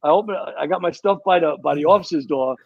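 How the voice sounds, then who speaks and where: A man's voice: on the high side, fast, vocal fry, no room sound, muffled recording. A man, a retired fire captain, telling rambling stories in a casual chat and repeating his words as he goes. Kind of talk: casual storytelling.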